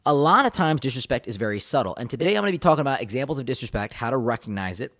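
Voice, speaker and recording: Male relationship coach, quick emphatic delivery, talks straight to viewers, repeats key points for weight. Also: medium pitch, lively intonation, fairly bright tone. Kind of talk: motivational advice talk to camera.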